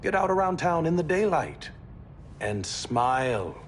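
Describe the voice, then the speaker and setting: An actor playing a calm, sensible male business advisor who gives measured, persuasive advice in a game cutscene. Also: a little high, a little hiss or hum. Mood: earnest.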